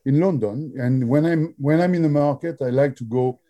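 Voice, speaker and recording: A man with a French accent telling stories in an interview, often pausing with fillers and restarting his sentences. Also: fairly high pitch, dark tone. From France. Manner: halting, many fillers and restarts. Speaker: drinks brand founder. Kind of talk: interview storytelling.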